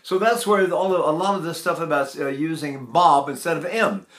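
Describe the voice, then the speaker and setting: An older man gives a vocal lesson, rambling as he teaches singing technique and breaking into sung vowels to demonstrate. His voice is on the high side and fairly bright, at normal speed, in an echoey room.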